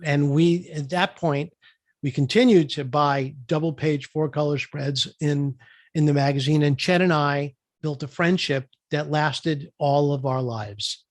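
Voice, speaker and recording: A man's voice: a little high, a little slow, no room sound. A man, a guest entrepreneur, telling a business story in an interview and acting out quoted dialogue. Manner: lively storyteller who acts out quoted dialogue.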